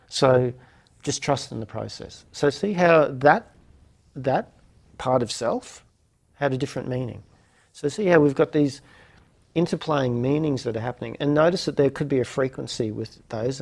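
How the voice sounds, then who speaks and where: A man's voice: medium pitch, a little mellow. A man hosting a reflective lecture series, musing aloud with many fillers and restarts. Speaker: host of a non-duality lecture series.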